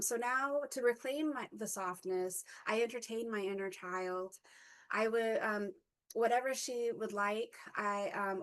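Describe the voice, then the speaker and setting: Halting, reflective woman in her forties. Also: medium pitch, fairly bright tone. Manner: halting, with many ums and self-corrections. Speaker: guest speaker. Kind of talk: personal reflective talk.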